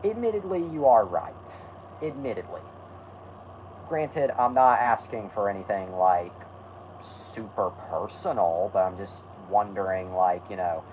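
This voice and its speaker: A man's voice: on the low side, expressive, a little slow, darkish tone, slight background noise, poor audio. A man hosting a casual stream, rambling and correcting himself while answering chat. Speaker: host.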